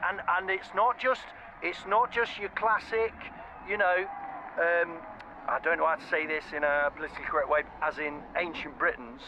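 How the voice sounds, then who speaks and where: A man's voice: on the high side, steady tone, normal speed, muffled recording, noisy background, lightly acted. An actor playing a cheery, rambling male street reporter in a comedy radio sketch, chatty and oblivious. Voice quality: chatty and rambling, calls people baby.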